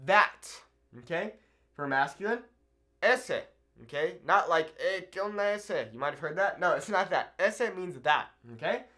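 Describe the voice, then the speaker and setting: Upbeat man teaching with lively pitch. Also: measured pace. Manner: upbeat, animated, keeps asking "okay?". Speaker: Spanish teacher. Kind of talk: video language lesson.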